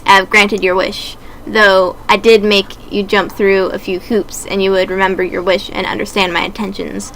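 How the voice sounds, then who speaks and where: Woman voicing a condescending villain doctor, quiet, bright tone. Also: mid-range voice, level tone, a little hiss or hum, lightly acted, poor audio. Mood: smug. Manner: soft, measured, condescending. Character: smug, sinister male doctor bird, calm and cold.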